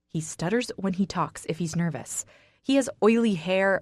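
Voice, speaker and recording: A woman narrating a first-person romance with slow, deliberate pacing. Her voice sits a little low and turns emotional in dialogue. The sound is dry and close. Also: dry recording. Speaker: audiobook narrator.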